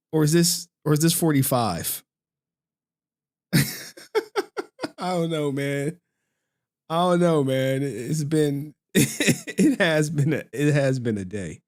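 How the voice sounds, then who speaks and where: A male streamer talking casually to his chat, his pitch swinging widely as he laughs and riffs. His talk is loose and full of slang. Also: big pitch swings, takes it slowly, long pauses, darkish tone.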